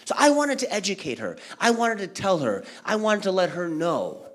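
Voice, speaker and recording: A man's voice: sits high, wildly swooping pitch, normal speed, a bit bright. A man doing a stand-up comedy set at a community event, telling stories and acting out family members with big jumps in his voice. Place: community center event hall.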